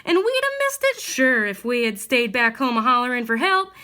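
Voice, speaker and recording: A woman's voice: high voice, very animated, moderate pace, bright, forceful tone, full character voice. A woman voicing a spry, bossy old countrywoman who scolds and cheers on stranded animals in folksy country talk.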